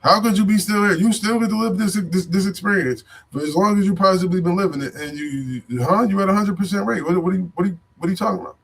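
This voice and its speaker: A man's voice: high voice, quick pace, vocal fry, few pauses, husky. Preachy man in slang-heavy street talk. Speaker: vlogger. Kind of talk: unscripted motivational talk.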